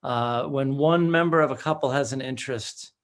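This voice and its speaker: A man's voice: medium pitch, moderate pace. Hesitant thoughtful man podcast host. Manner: thoughtful, hesitant with many fillers. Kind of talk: podcast interview.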